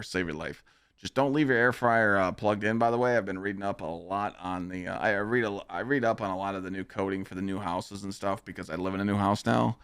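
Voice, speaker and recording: This clip is a casual livestream podcast chat where a young man, speaking into a streaming microphone, gives a rambling, boastful, profane pep talk. His voice runs low, a little bright, clear and resonant. The studio recording is clean and dry.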